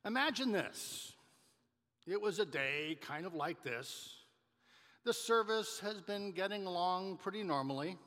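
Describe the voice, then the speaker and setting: A male pastor preaching a sermon in a church, telling a story in a measured manner with some restarts. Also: high-pitched, animated, bright, forceful tone. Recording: reverberant church hall.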